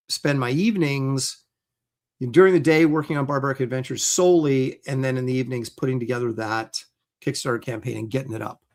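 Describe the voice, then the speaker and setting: A middle-aged man hosting a casual livestream, talking loosely with plenty of ums and uhs. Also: mid-range voice. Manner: chatty, loose, lots of fillers. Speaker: host.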